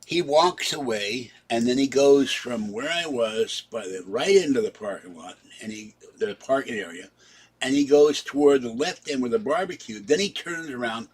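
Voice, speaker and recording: A man with a husky, slightly breathy voice at an ordinary middle pitch tells a long personal story in a casual vlog. He rambles from one detail to the next and narrates in the present tense. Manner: rambling, recounts events in present tense and acts out the quarrel; breaks off to talk softly to his cats. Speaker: vlogger.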